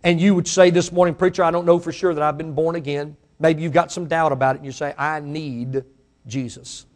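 A pastor with a Mississippi Southern accent preaching a sermon, his voice swelling to fiery shouts and then falling to a hushed prayer. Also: a little high, level tone, fast talker. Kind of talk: sermon with altar call.

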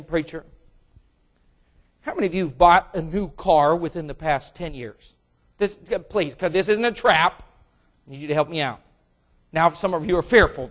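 High-voiced preacher acting out a story. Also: male voice, lively intonation, moderate pace, pauses often. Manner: acts out characters with sudden loud high bursts. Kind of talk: sermon.

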